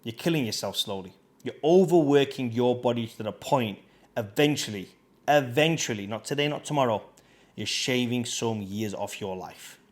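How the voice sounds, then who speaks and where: A man's voice: medium pitch, lively intonation, moderate pace. A man, a fitness coach, talking casually to camera in a slangy, chatty storytelling way.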